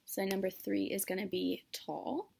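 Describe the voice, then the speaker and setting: Unhurried, with vocal fry and a darkish, husky mid-range voice, a young woman demonstrates sign language as a student. She explains the signs alone in a casual lesson, full of fillers and self-corrections.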